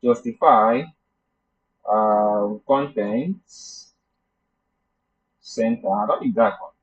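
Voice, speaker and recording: A coding instructor teaches a live class, thinking aloud as he debugs and chatting with students. His voice is fairly low, slow, and slightly rough, captured in a muffled lo-fi class recording.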